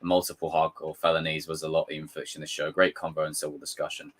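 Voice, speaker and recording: A man streams live, reading chat aloud and ranting in an exasperated, lively manner with plenty of profanity, all in a casual register. The voice rumbles low and moves fast.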